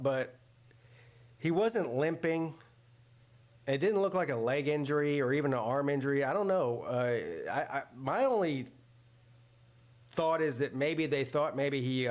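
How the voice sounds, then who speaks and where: Guy hosting a football watch stream, mid voice, rambly, lots of uhs and restarts. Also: medium pitch. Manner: rambling, thinks aloud with many fillers and restarts. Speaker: sports watch-party host. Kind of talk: casual live-stream commentary.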